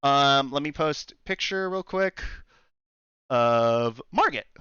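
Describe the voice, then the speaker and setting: A young man narrating a tabletop game as game master, his pitch bouncing around as he rambles. The audio is dry and a little dull, like a voice call. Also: animated, slow, a bit bright, smooth, dry recording. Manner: rambling, with fillers and restarts.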